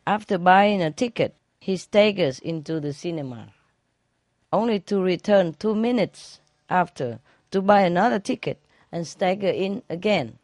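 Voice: mid-range voice, animated, moderate pace, darkish tone, no echo. A joke teller who laughs at their own jokes and uses non-standard grammar. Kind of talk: telling a string of jokes.

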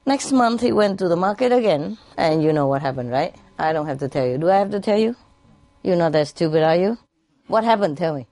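A woman's voice: fairly low pitch, lively intonation, fairly quick, warm tone, dry recording. A woman spiritual teacher giving a lecture with parables to an audience, laughing often and teasing listeners with questions.

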